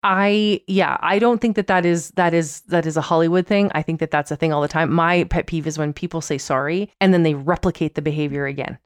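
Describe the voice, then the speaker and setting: A woman in her late thirties, a podcast host, talking in a candid, wry and animated way. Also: deep voice, fairly quick, hardly any pauses, clean tone, no echo, studio quality. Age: 30s. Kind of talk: casual chat.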